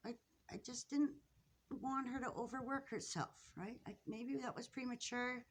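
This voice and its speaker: Grieving woman narrating her birds, halting. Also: on the high side, slight background noise. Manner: halting, emotional, apologetic, with sighs and restarts. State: tearful, upset. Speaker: vlogger filming her pet finches. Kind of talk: casual off-the-cuff narration to camera. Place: indoors at home near a birdcage.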